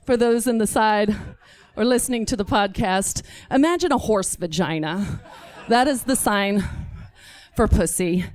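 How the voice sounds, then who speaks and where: A woman from Texas telling a comic personal story on stage, animated and acting out every voice. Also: medium pitch, a little slow, dry recording.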